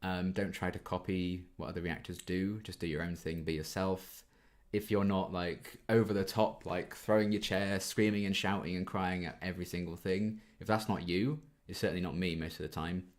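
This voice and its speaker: A man's voice: deep voice, fairly even intonation, moderate pace, hardly any pauses. A young man in his twenties hosting a casual Q&A, reading viewer questions aloud and chatting through his answers with frequent ums. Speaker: YouTube reaction channel host.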